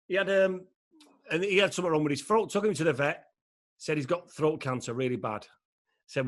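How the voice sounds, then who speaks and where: High-voiced man telling a story animatedly. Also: fairly quick. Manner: animated, swearing, laughing storyteller. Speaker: podcast co-host. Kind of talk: casual chat, storytelling.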